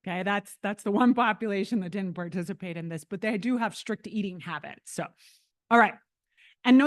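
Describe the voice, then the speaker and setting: A woman presenting a lecture to a live audience in a meeting room, lively and chatty, often checking in with the room through quick tag questions. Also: a little high, no echo, studio quality.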